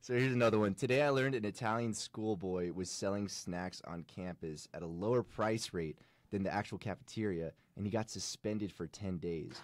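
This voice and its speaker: A young man co-hosting a college radio morning show, relaxed and reading out odd facts with fillers. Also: fairly low pitch, normal speed, dry recording. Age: young adult. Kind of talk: casual chat.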